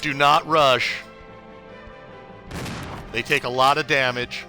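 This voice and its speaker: Bright, upbeat male game streamer. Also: medium pitch, fairly even intonation, slow pace, faint music behind. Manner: chatty, upbeat, greets viewers by name. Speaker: gaming livestreamer. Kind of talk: casual live gameplay commentary.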